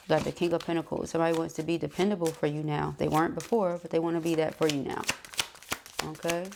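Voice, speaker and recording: A woman reads tarot in a low, gravelly voice with lots of vocal fry. She talks fast and eagerly, sometimes tripping over herself and laughing it off. The feel is casual and chatty. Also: darkish tone, slight background noise. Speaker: tarot reader.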